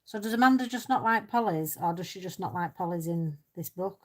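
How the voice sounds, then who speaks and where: Colouring on a live stream, a woman with a lowish, expressive voice talks fairly quickly and casually. She reads out and replies to viewer comments, making fun of herself and laughing easily.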